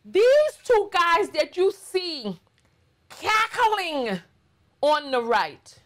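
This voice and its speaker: A woman with a New York accent delivers casual vlog commentary in a high, unhurried voice. She is blunt and sarcastic, drawing out words for emphasis as she lectures her audience. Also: sing-song, a bit bright. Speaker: commentary channel host.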